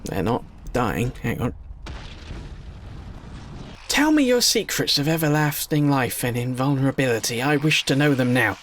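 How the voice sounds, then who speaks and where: A man giving casual gameplay commentary, talking to the units on screen and swinging between excited shouting and low mumbling. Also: moderate pace, pauses often, slight background noise.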